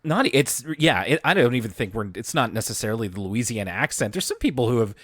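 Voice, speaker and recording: A man's voice: medium pitch, sing-song, fast, no room sound, studio quality. A man co-hosting a podcast in casual chat, agreeable and rambling, often restarting and stammering mid-sentence. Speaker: podcast co-host.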